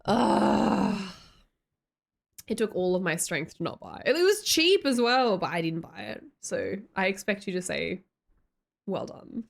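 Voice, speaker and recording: A woman's voice: medium pitch, sing-song, unhurried, gravelly. A woman chatting casually on a livestream, reading chat aloud and telling stories with lots of giggles.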